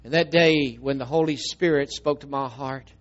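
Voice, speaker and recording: A middle-aged man, preaching a storytelling sermon and swinging from emphatic, loud telling to a soft, tearful hush. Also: medium pitch, steady tone, moderate pace, muffled recording.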